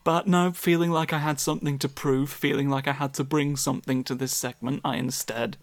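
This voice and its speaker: A man's voice: mid-range voice, flat delivery, fairly quick, creaky, dry recording. Man, rambling casual chat, self-deprecating, dry close mic. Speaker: podcast co-host.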